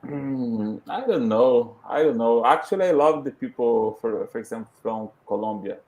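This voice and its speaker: A man's voice: mid-range voice, moderate pace, a little mellow, muffled recording. A man, speaking English as a learner in a casual podcast chat, hesitant, with lots of fillers and tag questions. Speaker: podcast guest.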